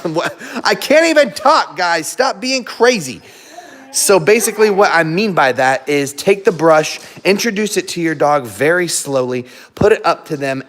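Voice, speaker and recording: A man's voice: a little high, a bit bright. A man hosting a casual live stream from home, chatting to viewers, laughing often and breaking off to coax his dogs.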